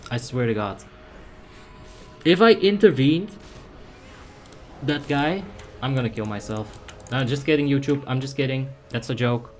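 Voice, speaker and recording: A young man from the Netherlands doing casual live gameplay commentary, reading chat aloud with excited bursts. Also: mid-range voice. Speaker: game streamer.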